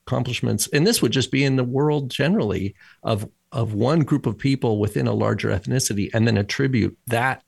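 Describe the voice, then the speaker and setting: A man's voice: mid-range voice, creaky, slightly rough, dry recording. A man co-hosting a podcast, talking animatedly in a casual religious discussion and quoting people in acted voices. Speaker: podcast co-host.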